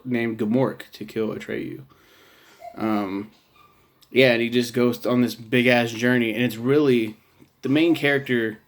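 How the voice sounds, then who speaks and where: A man's voice: medium pitch, vocal fry. A man casually reviewing a film, rambling with many fillers and restarts and swearing now and then.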